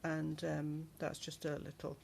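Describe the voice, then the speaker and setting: A woman's voice: deep voice, completely flat delivery, gravelly, a little mellow, slight background noise. A woman chatting through a handmade travel journal in a casual show-and-tell vlog, with lots of ums. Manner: chatty, unhurried, many ums. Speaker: crafter showing a handmade journal.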